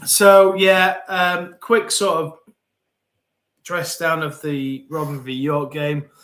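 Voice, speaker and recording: A man's voice: fairly high pitch, flat delivery, takes it slowly, fairly bright tone. A man in his forties hosting a live football podcast, reading out viewer comments in a chatty, rambling way and often repeating words. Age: 40s. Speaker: podcast host.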